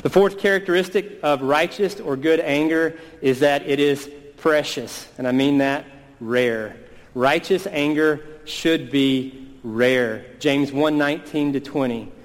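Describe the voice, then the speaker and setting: A man in his thirties delivering a sermon, earnest and deliberate, stretching out the words he wants to land. His voice rings out in a church hall with a long reverb trailing each phrase. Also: a little high. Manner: earnest, slows down for emphasis on key words. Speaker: pastor.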